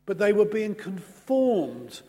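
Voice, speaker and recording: Slow-preaching man with a high voice. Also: very animated, mellow. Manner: measured, earnest preaching with slow emphatic pauses. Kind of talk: sermon. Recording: long hall reverb.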